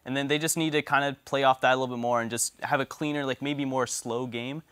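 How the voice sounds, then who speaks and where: A man's voice: medium pitch, steady tone, fast talker, fairly bright tone, smooth, no room sound. A man giving casual, upbeat esports desk analysis.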